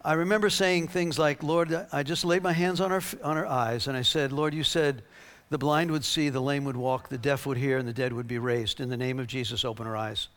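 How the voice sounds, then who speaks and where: This preacher has a medium-pitched voice and moves briskly, with few pauses. His sermon centers on a healing story, which he delivers animatedly, performing the dialogue and laughing.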